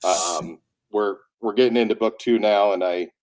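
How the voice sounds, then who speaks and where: A man's voice: fairly low pitch, moderate pace. A man working as an audiobook narrator who has a cold, telling stories in a casual chat and acting out the quoted lines. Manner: animated storyteller who acts out quotes.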